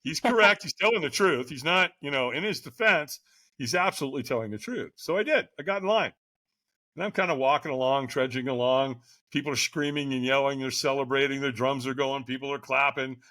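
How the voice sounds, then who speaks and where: A man guest on a podcast, telling a personal story in an animated way, often checking in with a quick "right?". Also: mid-range voice. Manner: lively, keeps asking "right?".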